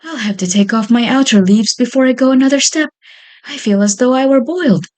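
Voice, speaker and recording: A woman voicing a very stout, jolly cabbage who is out of breath, in a raised, lively voice. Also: sits high, brisk, voice pushed up, natural voice.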